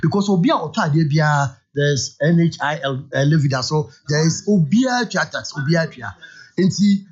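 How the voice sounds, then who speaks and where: A Ghanaian man calling into a radio phone-in, giving forceful political commentary in an argumentative, rhetorical manner. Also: on the high side, lively intonation, moderate pace, breathy edge. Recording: dull lo-fi radio audio.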